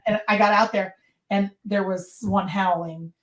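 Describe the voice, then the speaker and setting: A woman guest tells her stories in a casual, animated way. She acts out the lines of the people in her stories and laughs often. Her voice sits at an ordinary middle pitch and rings with a roomy echo. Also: normal speed. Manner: lively storyteller who acts out quotes and laughs often. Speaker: podcast guest. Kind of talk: casual interview storytelling.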